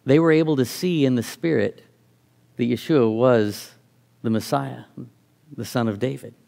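Middle-aged male preacher with a gravelly voice, thoughtful sermon delivery with frequent restarts. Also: medium pitch, moderate pace, warm tone. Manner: reflective, reads scripture aloud, restarts phrases.

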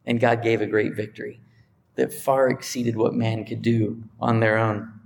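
A man preaching a sermon, emphatic, climbing higher when he drives a point home, sometimes stopping to correct himself as he thinks aloud. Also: flat delivery, moderate pace, gravelly. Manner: emphatic, rising in pitch when stressing a point; restarts and self-corrections while thinking aloud. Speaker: pastor.

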